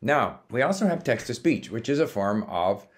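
A man's voice: mid-range voice, big pitch swings, normal speed. A man talking in a casual, thinking-aloud monologue about language learning, with frequent fillers and restarts. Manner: thoughtful, musing, with many fillers and restarts. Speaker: language-learning app founder.

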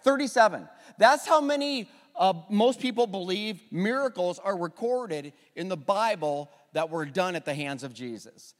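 A man's voice: high voice, normal speed, few pauses, in a large hall. A man pastor opening a Sunday service, leading the congregation in call-and-response and building toward introducing a guest speaker. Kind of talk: sermon introduction. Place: church sanctuary.

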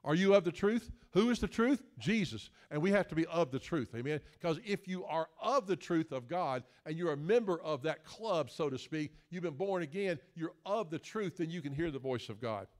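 A male preacher, speaking in a fairly high voice. He moves between folksy asides and jokes and emphatic, rising preaching. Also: lively intonation, normal speed, hardly any pauses, a little mellow. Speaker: guest preacher. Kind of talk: sermon.

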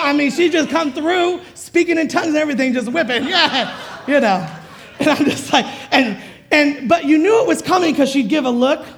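A woman preacher giving a sermon in a conversational, chuckling way and drawing the congregation in. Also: sits high.

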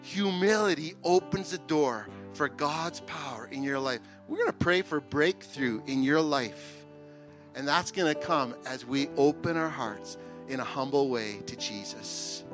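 A male pastor preaching a sermon with passion, moving from soft, quiet stretches to loud, rising appeals. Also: mid-range voice, measured pace, over music.

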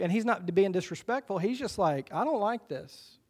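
A middle-aged pastor delivering a sermon, stretching out quoted scripture slowly and rushing through his calls to unity. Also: high-pitched, a little mellow. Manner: emphatic preacher, slows for quoted scripture, speeds up for exhortations.

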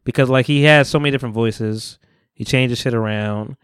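A man's voice: medium pitch, a little fast, fairly bright tone, smooth, no echo, studio quality. A man co-hosting a podcast in casual chat, talkative and hedging, often stumbling over his words and laughing. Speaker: podcast co-host.

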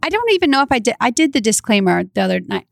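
A woman's voice: on the high side, very animated, very fast, gravelly, no echo, studio quality. A woman hosting a podcast, chatting casually in a bubbly way and swearing now and then. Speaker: podcast host.

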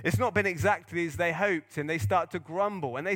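A male pastor preaching a sermon to his congregation in an earnest, animated storytelling manner. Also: on the high side, a little fast, hardly any pauses.

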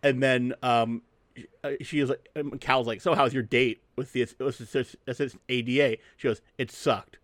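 A man in casual chat, walking through a film's plot with loose, jokey asides and mid-sentence restarts. His voice sits at an ordinary middle pitch. The recording is close and dry, with no room sound. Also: steady tone, dry recording. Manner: rambling, jokey, quotes scenes in quick asides. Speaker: podcast co-host. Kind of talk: casual movie recap chat.

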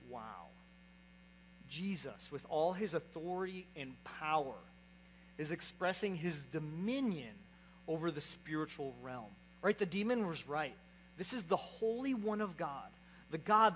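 Here a man in his young adult years gives a sermon as pastor, his voice sitting high with a fairly bright tone. He keeps things conversational, frequently turning to the congregation with "right?" There's slight background noise and the audio quality is poor.

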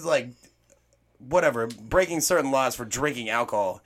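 A man in a casual movie chat, retelling a scene in a low-key way. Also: unhurried, a bit bright. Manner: low-key storytelling, laughing asides.

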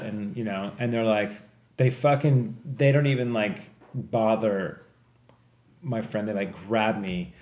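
Rambling man telling a wild story. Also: lowish voice. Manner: rambling, swears a lot, excited bursts at tense moments. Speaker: podcast host telling a story. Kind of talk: casual storytelling. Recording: echoey room with faint background noise.

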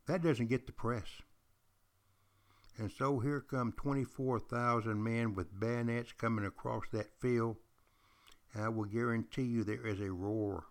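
An older man hosts a podcast with the air of a longtime teacher, retelling history stories. He speaks to his listeners directly, repeating his key points for emphasis, in a voice of ordinary pitch for a man. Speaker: podcast host. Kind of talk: storytelling history lecture.

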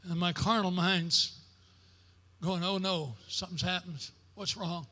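An older man preaching a sermon as pastor, in a preacher's cadence that builds to shouted declarations. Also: high voice, fairly even intonation, unhurried, big-room sound. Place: church sanctuary.

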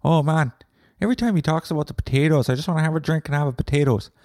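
A man voicing an excitable drunk Irish potato farmer fan, with a put-on Irish accent that slips toward Scottish, gushing and swearing. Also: a little high, very fast, no echo, studio quality, voice pushed up, natural voice. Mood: delighted. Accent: put-on Irish drifting Scottish.

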